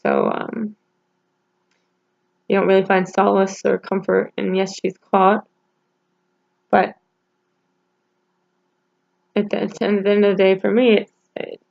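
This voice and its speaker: Woman, personal vlog, gravelly fry, halting and teary, dull lo-fi sound. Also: medium pitch, flat delivery, a little mellow. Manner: halting, emotional, many restarts and pauses. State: holding back tears. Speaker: vlogger.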